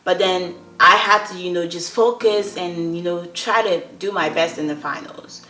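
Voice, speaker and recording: A woman's voice: on the low side, normal speed, pushed and bright. A young woman from Nigeria, earnestly telling a personal story to her viewers and often checking in with them. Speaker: vlogger. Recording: roomy echo.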